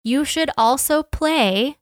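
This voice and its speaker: A woman's voice: sits high, takes it slowly, no room sound, clean studio sound. A young woman co-hosting a podcast, chatting in an enthusiastic, playful way. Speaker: podcast co-host. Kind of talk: casual chat.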